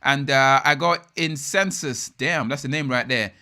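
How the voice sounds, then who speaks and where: A young man hosting a live race watch-along, reacting in an excitable, slangy way and chatting with viewers. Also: on the high side, moderate pace, hardly any pauses. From United Kingdom. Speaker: live stream host.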